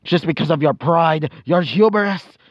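A man voicing a vengeful young male hero bonded to a dark symbiote, speaking cold, slow and menacing. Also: a little high, no room sound, studio quality. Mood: cold fury.

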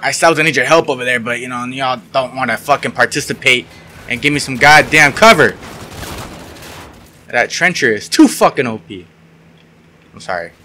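A young man provides casual commentary on his online shooter match for his YouTube channel, swearing often, being sarcastic, and yelping in frustration. His medium-pitched voice is expressive, bright and forceful at a moderate pace, with long pauses. A little hiss or hum sits under the audio.

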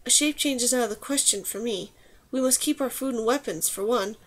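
A woman voicing a brave, wry young woman archer in an audiobook, quiet and steady in her speech. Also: fairly high pitch, brisk, close to an everyday voice. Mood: calm. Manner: quiet and steady, yelling under threat. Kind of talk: audiobook character reading.

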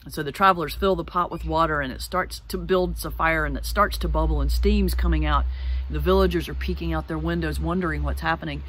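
A middle-aged woman pastor giving a sermon, telling a folk tale in an animated way and slowing down to stress key words. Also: sits low, slight background noise. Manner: animated storyteller, slows for emphasis. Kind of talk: sermon with storytelling. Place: church sanctuary.

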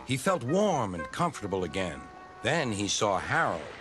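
A man narrating a children's story in an expressive storybook manner. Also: on the low side, moderate pace. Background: music.

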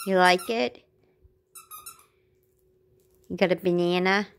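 A woman's voice: fairly low pitch, fairly even intonation, slow pace, slight background noise. A woman cooing to her pet at home in repetitive, sing-song talk. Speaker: pet owner.

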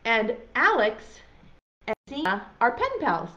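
A young woman leads a preschool lesson in a high, bouncing voice that swoops up and down. She talks slowly, playful and full of encouragement. The sound is a little dull and lo-fi. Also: big pitch swings, pushed and bright. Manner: playful, encouraging, sing-song. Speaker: preschool teacher. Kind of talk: virtual preschool lesson for children.

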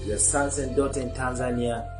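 A man speaking for a church branch in a formal, measured way. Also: mid-range voice, steady tone. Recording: echoey room with music.

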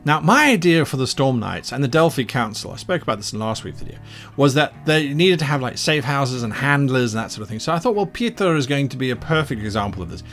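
Guy gm talking thru his adventure prep, bouncy pitch, rambly, faint music behind. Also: fast talker. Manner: rambling, animated, many asides. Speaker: game master. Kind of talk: explaining adventure design.

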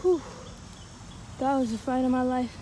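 Tired, excited woman rambling outdoors. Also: sits high, moderate pace, slight background noise, rough recording. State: tired, voice cracking. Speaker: fishing vlogger. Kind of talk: excited outdoor vlog chatter. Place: outdoors by a pond. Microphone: handheld phone or action camera.

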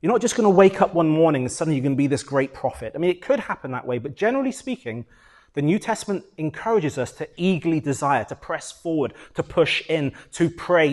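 Animated British pastor preaching a sermon. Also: male voice, fairly high pitch.

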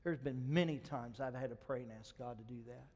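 A male pastor preaching a sermon, moving between quiet storytelling and loud, urgent exhortation and asking the congregation questions. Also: mid-range voice, brisk. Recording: long hall reverb.

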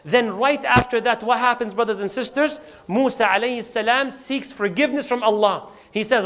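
A man telling a sermon story in animated style, acting out scenes and reciting verses. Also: very high-pitched, a little fast, few pauses. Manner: animated, acts out the scenes, quotes Quranic Arabic. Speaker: Islamic preacher.

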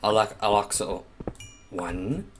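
A man giving let's play commentary, excitably talking to the game's items and swearing playfully. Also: fairly low pitch, slow pace, noisy background. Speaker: gaming YouTuber.

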